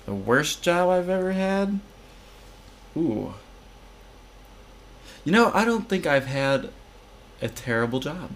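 A man's voice: a little high, very animated, takes it slowly, pauses often. A man co-hosting a podcast in casual chat, laid-back and teasing, laughing often. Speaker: podcast co-host.

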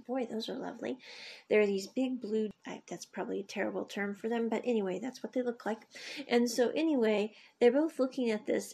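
A woman's voice: a little high, gravelly, darkish tone, husky. A woman chattily recapping scenes from a drama series, retelling the characters' lines and using frequent fillers. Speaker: series reviewer.

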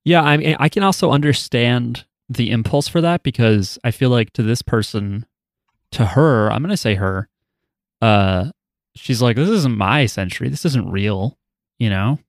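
A man's voice: medium pitch, normal speed, dry recording, clean studio sound. A man co-hosting a podcast, chatting in a loose, rambling way and cursing casually. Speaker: podcast co-host. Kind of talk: casual chat.

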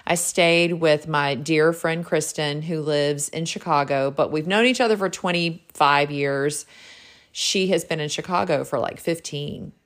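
Bubbly low-voiced woman telling stories. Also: measured pace. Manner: bubbly and gushing, heavy use of "like". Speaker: realtor and podcast host. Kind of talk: casual solo storytelling.

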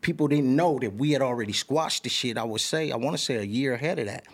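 A man's voice: mid-range voice, fast talker. A man telling a story in an interview, full of street slang and acting out what everyone said. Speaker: interview guest. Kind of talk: animated storytelling.

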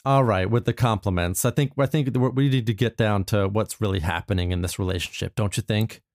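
Man doing a vain female pop star, snippy, accusing, lowish voice, dry sound. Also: darkish tone, no echo, lightly acted. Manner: snippy, accusing, quick retorts. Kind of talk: improvised comedy scene.

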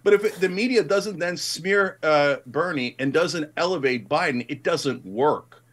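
Fiery high-voiced man arguing politics. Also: measured pace, fairly bright tone. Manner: passionate, emphatic, rising to indignant outbursts. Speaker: guest commentator. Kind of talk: heated political debate.

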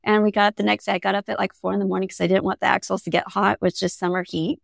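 A woman's voice: mid-range voice, little pitch movement, very fast, creaky, no echo, studio quality. A middle-aged woman from California, a guest on an interview show, who tells stories in a casual way and laughs often. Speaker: guest, auctioneer.

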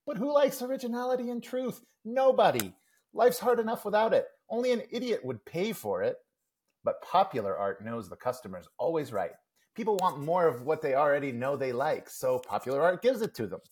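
A man reading aloud the lines of a brash young boy cartoonist, giving him an indignant, excited delivery. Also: medium pitch, brisk, husky. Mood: scornful. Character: scheming boy cartoonist Calvin, young, brash, money-minded. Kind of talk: reading comic strip dialogue aloud.

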